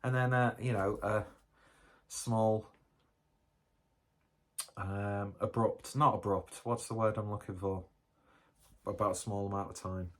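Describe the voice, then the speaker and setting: Low-voiced man rambling in a beer vlog. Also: fairly even intonation, slow, long pauses, fairly bright tone. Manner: rambling, jokey, self-mocking. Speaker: beer reviewer. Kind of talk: casual review vlog.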